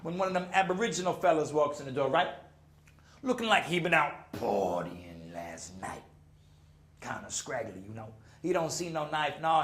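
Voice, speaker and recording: Theatrical slam poet with a lively voice. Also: male voice, a little high, normal speed. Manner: rhythmic, theatrical, shifting between loud bursts and hushed whispers. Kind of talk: spoken word performance. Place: art gallery stage. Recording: roomy live gallery sound, faint ambience.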